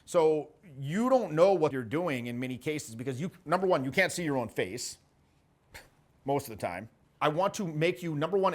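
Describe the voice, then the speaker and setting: A man teaching social skills in loose, conversational talk. His voice sits a little high, and he keeps it lively, with quick acted-out quotes and the odd swear. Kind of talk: casual spoken teaching.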